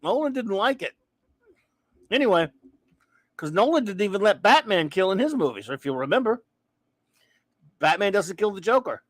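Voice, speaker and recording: A man's voice: high-pitched, sing-song, normal speed, long pauses, dry recording. A man hosting a casual live chat show, ranting and breaking off to read viewer comments aloud. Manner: ranting, restarting sentences, reading chat aloud. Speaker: host.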